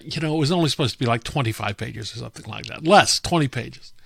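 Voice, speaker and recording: A man's voice: mid-range voice, fast talker, vocal fry, slightly rough, no room sound. Chatty man hosting, dry close sound. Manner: relaxed, chatty, with frequent fillers. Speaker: podcast host. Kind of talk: casual storytelling monologue.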